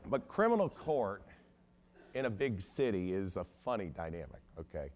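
A man's voice: deep voice, moderate pace. A middle-aged man, a lawyer, telling a story to an audience and acting out the voices of the people in it. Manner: animated storyteller acting out quoted dialogue.

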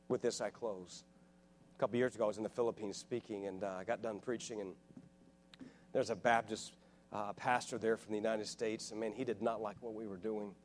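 A man's voice: medium pitch, a little hiss or hum. A man in his forties giving a sermon as a guest preacher, earnest and full of restarts, growing fervent as he tells his stories. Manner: earnest, rising to fervent and loud; halting restarts and repeated words. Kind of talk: sermon with personal storytelling. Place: church, live before a congregation.

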